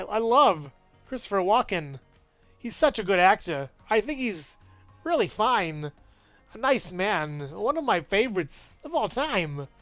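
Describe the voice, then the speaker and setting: A man's voice: sits high, fairly bright tone, dry recording. A man giving a casual, rambling movie review with lots of enthusiasm and frequent laughs.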